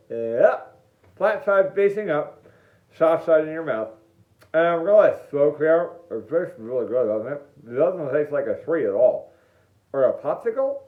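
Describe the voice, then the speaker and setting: Playful man with a lively, high-ish voice. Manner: playful and jokey, demonstrating step by step. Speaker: band teacher. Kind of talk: online music lesson. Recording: echoey room, dull lo-fi sound.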